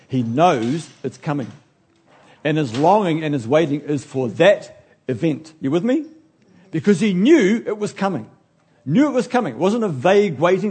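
A man preaching a sermon in an animated way, acting out the figures he talks about and now and then losing his place. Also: fairly high pitch, normal speed, breathy edge. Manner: animated, acts out biblical figures, loses his place and laughs.

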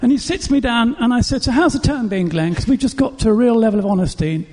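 A man's voice: very high-pitched, quick pace, a little mellow, in a large hall. A man preaching a sermon, telling stories emphatically. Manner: emphatic storytelling.

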